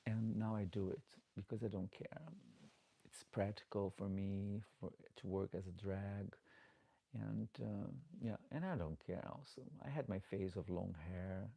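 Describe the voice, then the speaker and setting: A man's voice: fairly low pitch, fairly even intonation, unhurried, vocal fry, warm tone, breathy edge. A middle-aged man hosting a live Q&A as a drag performer, chatting loosely in slightly broken English with lots of restarts. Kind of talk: casual live-stream chat, reading viewer comments. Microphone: desk microphone.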